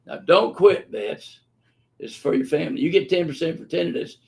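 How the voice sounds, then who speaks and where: An older man doctor answers questions live, blunt and profane. His voice sits fairly high and has a gravelly edge. He gets heated and emphatic. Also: normal speed, darkish tone. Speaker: physician answering viewer questions. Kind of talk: unscripted webinar Q&A.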